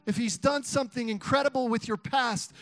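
Young man, high voice, hype sermon, call-and-response, dry sound, faint music. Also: fairly even intonation, brisk, a bit bright, dry recording. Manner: hypes the crowd, call-and-response chants, laughs. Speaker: youth pastor. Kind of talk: energetic sermon.

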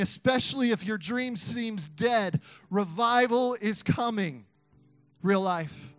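A young man preaching an energetic sermon to a youth crowd, chanting call-and-response lines and laughing between points. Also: high voice, a little slow, no room sound, soft background music. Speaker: youth pastor.

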